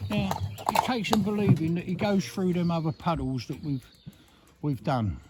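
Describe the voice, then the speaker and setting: A man, a horse trainer explaining as he works outdoors on a road and coaxing his horse with soft endearments. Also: a little high, lively intonation, normal speed. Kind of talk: casual explaining while driving a horse. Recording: loud outdoor noise with hoofbeats.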